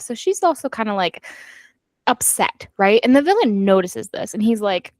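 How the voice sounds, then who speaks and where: A woman with a mid-range voice co-hosts a book club podcast, speaking at normal speed with no echo. In casual chat she gives an animated recap of a novel, acting out the characters' lines.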